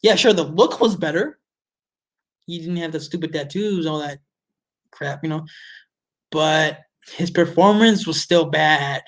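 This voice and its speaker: A man with a slightly higher voice than most reviews a movie in a loose, off-the-cuff way. He is blunt and exasperated and swears freely as he picks the film apart. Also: unhurried, pauses often. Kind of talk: casual ranting film review.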